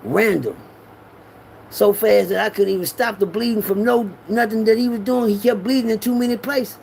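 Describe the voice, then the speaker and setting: A middle-aged man, telling a street story in an animated way and raising his voice to act out quotes. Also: normal speed, creaky, a little hiss or hum. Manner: animated, acts out quotes with raised pitch.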